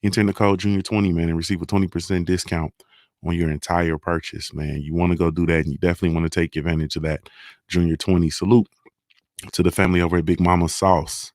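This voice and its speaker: A man's voice: low-pitched, flat delivery, fast talker, darkish tone, no echo, clean studio sound. A man hosting a casual solo morning show, talking in a laid-back way with lots of "man" and "you feel me" as he reads sponsor plugs. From Ohio.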